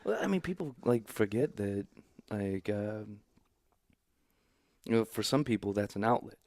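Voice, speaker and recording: A laid-back young man with a low, gravelly voice rambles through a story on a podcast, full of "like" and "um". The sound is close and dry, with no room in it. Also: expressive, unhurried, a little mellow, dry recording. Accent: St. Louis. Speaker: comedian guest. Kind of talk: casual podcast chat.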